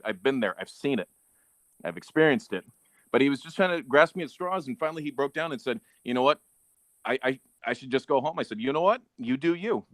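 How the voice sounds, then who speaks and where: A man's voice: on the high side, fairly bright tone, no echo. A man hosting a casual podcast chat who talks bluntly, swears often, and stumbles over repeated words as he starts sentences.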